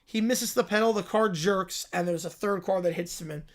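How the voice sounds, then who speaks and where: A livestream host, a man, narrating an improvised comedic story quickly and laughing at his own jokes. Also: high-pitched.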